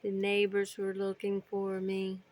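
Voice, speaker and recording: A woman voicing her baby female parakeet, telling the bird's escape in a lively storytelling way close to her own voice. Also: medium pitch, a little slow, natural voice. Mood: excited.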